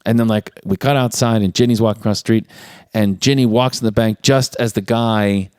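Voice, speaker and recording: A man's voice: lowish voice, steady tone, brisk, a little mellow, smooth, dry recording, clean studio sound. A man casually recapping a movie plot, acting out characters' lines in raised voices. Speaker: podcast co-host.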